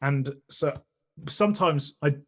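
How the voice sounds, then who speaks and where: A man's voice: fairly high pitch, slow. Chatty Englishman in a casual interview. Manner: chatty, earnest, restarts often while thinking. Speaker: podcast guest, comedian and streamer.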